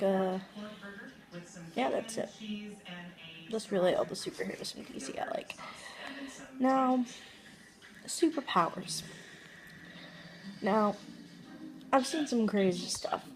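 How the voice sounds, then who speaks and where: A woman vlogger muses aloud in a casual, joking monologue, rambling and letting her thoughts trail off. Her voice sits on the high side, and the recording quality is low.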